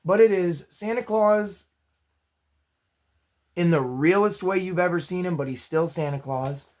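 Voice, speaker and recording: Male vlog host, a touch high-pitched, hoarse from losing his voice, friendly rambling review style. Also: measured pace, darkish tone. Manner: chatty and upbeat, self-deprecating asides. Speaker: movie review channel host. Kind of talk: casual spoken movie review.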